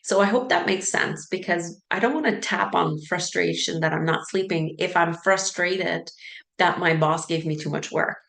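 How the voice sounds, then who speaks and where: This sleep coach speaks at a moderate pace in a low, gravelly voice, teaching casually and conversationally. She dramatizes anxious inner thoughts, often saying "like" and "right?", and her surroundings sound spacious and echoey.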